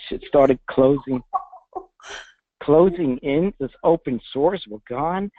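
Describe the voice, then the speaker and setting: A man who is a veterinarian tells a patient's story in an interview, earnest and halting with restarts, choked up with emotion, talking from a public space. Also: fairly high pitch, no room sound. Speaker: veterinarian guest. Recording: dry tinny phone-like line.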